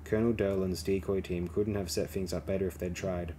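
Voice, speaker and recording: A man reading a novel aloud as an audiobook narrator, in a steady, even way. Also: low voice, a little fast, a little hiss or hum. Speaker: audiobook reader.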